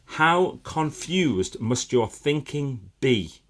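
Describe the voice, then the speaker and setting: A man's voice: mid-range voice, big pitch swings, very slow. A man hosting a casual live stream, chatting upbeat with viewers and breaking into bursts of enthusiasm.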